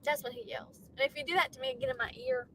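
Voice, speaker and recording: A woman co-hosting a casual livestream from a car, animated and loud when she gets passionate. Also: high voice, very fast, a little hiss or hum, poor audio. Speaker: livestream co-host. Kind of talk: casual chat.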